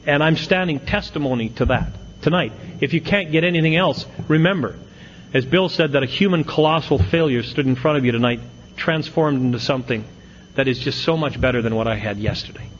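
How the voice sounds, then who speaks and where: A man's voice: a little high, fairly quick, muffled recording, a little hiss or hum. A middle-aged man speaking at an AA meeting, telling his recovery story with folksy, self-mocking humor and punchy comic timing.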